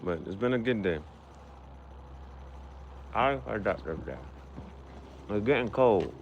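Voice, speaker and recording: A man's voice: lowish voice, animated, slow, long pauses, highs cut off, a little hiss or hum. A man hosting his own show, talking in a casual, rambling monologue that repeats itself and drops in foreign words. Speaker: podcast host.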